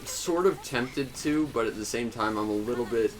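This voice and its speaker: A man's voice: medium pitch, moderate pace. A young man hosting a casual gaming video, rambling and laughing often. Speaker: let's play host.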